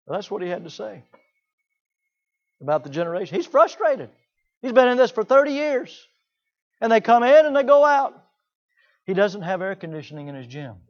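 A man preaching a sermon in an animated way, often mimicking the people he talks about. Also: sits high, normal speed, pauses often, highs cut off. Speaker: pastor.

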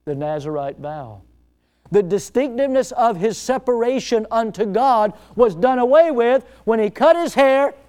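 High, clear-voiced preacher with emphatic delivery. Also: male voice, darkish tone. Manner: emphatic, storytelling, rhetorical questions, repeats words. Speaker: pastor. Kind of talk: sermon.

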